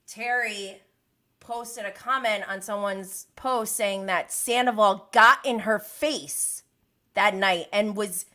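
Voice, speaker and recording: A woman in her thirties with a bright, sharp voice, ranting through a reality show recap on her live stream. She swings between disbelief and exasperation and slips into quick impressions of the cast as she goes. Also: mid-range voice. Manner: animated, exasperated, mimics the cast. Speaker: reality TV commentator.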